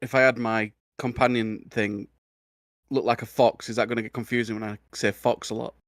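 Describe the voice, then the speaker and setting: A man's voice: medium pitch, level tone, a little fast, no echo, studio quality. A man from England chatting casually as a player on a game stream, searching for words as he talks.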